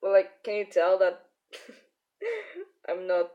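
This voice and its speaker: A young woman with a Polish accent talks slowly and easily to her viewers as she works on a drawing. She chuckles often and mutters to herself in between. She sounds hungover. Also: mid-range voice, big pitch swings, muffled recording. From Poland. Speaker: artist streaming while drawing. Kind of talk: casual live-stream chat.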